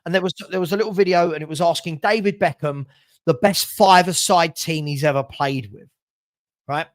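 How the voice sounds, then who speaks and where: A man with a notably high-pitched voice hosts a heated football fan chat. He rants with passion, doubles back on his words and laughs between points. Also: normal speed. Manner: passionate ranting, repeats himself, laughs often. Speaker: fan channel host.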